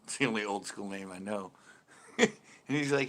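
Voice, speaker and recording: Middle-aged guy hosting a live stream, kinda low voice, laughs a lot, swears casual. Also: normal speed, fairly bright tone.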